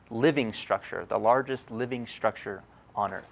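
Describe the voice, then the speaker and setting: A man working as an intern, reading out viewer questions in a halting way with restarts. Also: medium pitch, vocal fry. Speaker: intern running the social media board. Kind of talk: live show segment.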